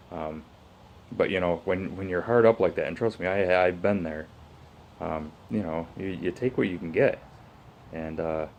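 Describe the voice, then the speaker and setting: A man's voice: deep voice, a little mellow, slight background noise. A middle-aged man telling a rambling story in a casual vlog rant, full of fillers and restarts. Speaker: vlogger.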